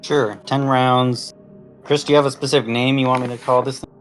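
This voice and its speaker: A man's voice: mid-range voice, flat delivery, racing, a bit bright, soft background music. A man talking casually as game master of an online tabletop game, asking players questions and taking notes. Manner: practical, note-taking, asks players questions. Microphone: online voice chat.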